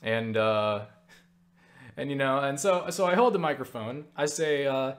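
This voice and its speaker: A man's voice: medium pitch, animated, unhurried. A young man hosting his own channel, telling stories to camera in a rambling, filler-heavy way and casually mocking himself. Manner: rambling, full of fillers like "you know" and "like"; self-mocking, swears casually. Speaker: channel host answering viewer questions. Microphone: webcam mic.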